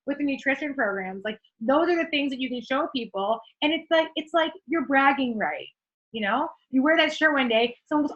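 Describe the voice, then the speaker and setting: Casting: young woman fitness coach, upbeat and casual, slightly high voice, muffled call audio. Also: normal speed. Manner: energetic, chatty, swears casually. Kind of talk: casual motivational talk on a group call.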